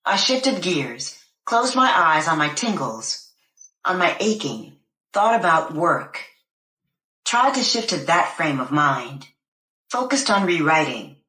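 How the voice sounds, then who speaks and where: A woman narrating an audiobook in the first person, with a measured, expressive reading. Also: low-pitched, roomy sound, low-quality recording.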